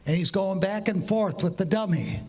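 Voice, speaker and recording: A man with a high voice tells long story jokes to a live crowd. He walks through each setup step by step and acts out the quoted dialogue. He slows down to draw out every punchline. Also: a little mellow. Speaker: walk-on joke teller. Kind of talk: stand-up joke telling.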